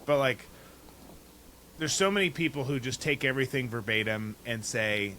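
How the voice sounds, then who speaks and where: A man's voice: mid-range voice, moderate pace, pushed and bright, a little hiss or hum. A man co-hosting a political podcast, speaking cautiously with stammered restarts. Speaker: podcast co-host. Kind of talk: casual political chat.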